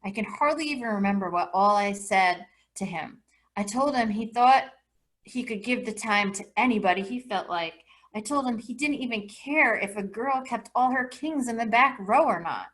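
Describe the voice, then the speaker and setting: A woman English teacher reading a first-person novel aloud to her class with expressive delivery. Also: a little high, moderate pace.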